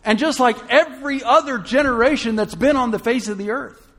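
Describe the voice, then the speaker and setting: A man delivers a sermon with a notably high voice. He talks to the congregation casually, asking questions and tossing in humorous asides. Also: fairly quick, fairly bright tone. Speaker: preacher.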